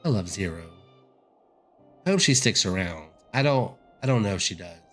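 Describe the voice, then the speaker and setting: A man's voice: sits low, lively intonation, normal speed, fairly bright tone, soft background music. A man casually commenting on a game as he plays, chatty and self-deprecating. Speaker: gaming streamer.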